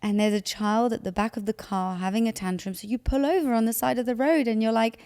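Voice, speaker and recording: Animated woman with a gravelly edge. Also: fairly high pitch, fast, long reverb tail. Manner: animated, acts out anxious inner voices. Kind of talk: conversational advice.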